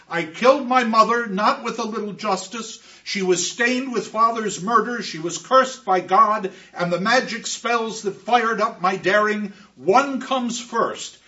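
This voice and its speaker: Lecturer voicing a haunted young avenger, high and sharp, dull distant recording. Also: male voice. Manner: declaiming, rising to shouts. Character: anguished young male avenger, haunted and frantic.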